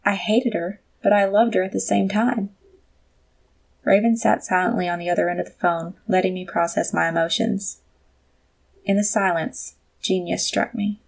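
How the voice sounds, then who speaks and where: A woman reading a first-person novel aloud as an audiobook narrator, at a steady pace. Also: lowish voice, moderate pace, gravelly.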